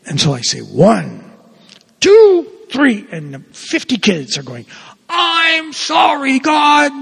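A man's voice: takes it slowly, vocal fry, slightly rough, long reverb tail. A priest telling a story in a sermon, acting out the dialogue with big swings in his voice. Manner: animated, acts out dialogue with big pitch swings.

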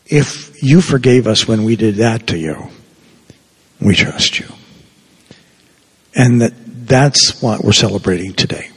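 A male preacher with a gravelly, very husky voice gives a slow sermon. He speaks earnestly, often sinking to a hushed tone. The sound rings with the long reverb of a large hall. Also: medium pitch. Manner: slow, earnest, drops to a soft hush for quoted words.

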